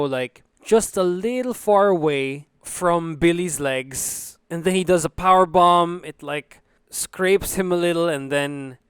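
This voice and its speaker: A young man with a slightly high, smooth, resonant voice, recorded close and dry. He rattles through a casual recap, swearing freely and peppering it with "like". The tone is loose and joking. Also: no echo. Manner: profane, filler-heavy, joking. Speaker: wrestling show reviewer.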